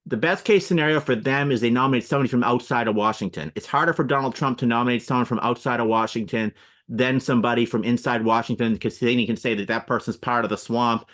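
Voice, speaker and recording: A man's voice: mid-range voice, quick pace, fairly bright tone. A man speaking as a political analyst guest in a radio interview, explaining at length and listing names and examples.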